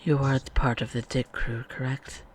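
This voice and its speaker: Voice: medium pitch, little pitch movement, moderate pace, natural voice. A man voicing an ancient female vampire seneschal with a French accent, formal and clipped. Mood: cold formal. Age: older.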